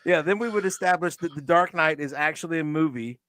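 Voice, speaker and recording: A man co-hosting a casual reaction chat, eager and talking in quick bursts with restarts. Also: fairly high pitch, fairly bright tone, dry recording, studio quality. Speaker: podcast co-host.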